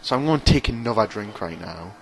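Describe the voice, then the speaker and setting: A man's voice: fairly low pitch, animated, a little fast, slight background noise. A man commentating over his own racing game, rambling, sarcastic and mocking himself. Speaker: gaming commentator.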